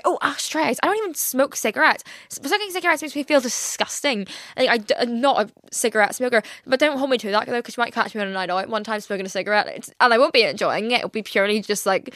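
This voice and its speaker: A woman's voice: mid-range voice, a bit bright, no echo. A young woman hosting her own podcast, talking in a candid, rambling way and swearing freely. She is teary and close to crying. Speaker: podcast host. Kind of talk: casual solo podcast chat.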